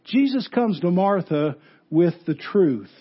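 A pastor preaching a funeral sermon, earnest, rising loud for emphasis and dropping low and soft. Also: male voice, lively intonation, slow pace, slightly rough, highs cut off.

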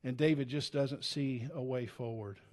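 At normal speed and with fairly even intonation, a man preaches a sermon as a pastor in church. His earnest, conversational delivery is full of restarts and ranges from loud urgency to hushed, low tones.

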